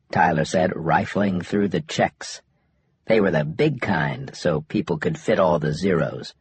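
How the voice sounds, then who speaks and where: A male audiobook narrator with a husky, low voice and lively pitch movement. The sound is dry and close. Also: unhurried, no echo. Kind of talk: scripted narration.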